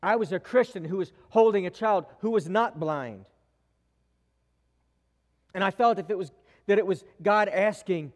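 A man preaching a sermon in a church, telling a story with slow dramatic pauses. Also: high-pitched. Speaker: pastor. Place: church sanctuary. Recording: long reverb of a large church hall.

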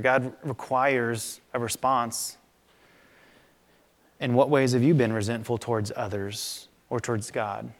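Preaching man in a reverberant hall. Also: mid-range voice. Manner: conversational, animated storytelling preaching. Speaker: pastor. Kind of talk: sermon. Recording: long reverb of a large hall.

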